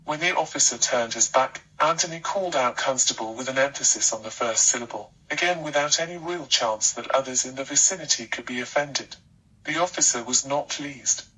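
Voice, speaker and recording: A man narrating a scripted life story with a steady, even storytelling delivery. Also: mid-range voice, brisk, husky, recorded from a distance, poor audio.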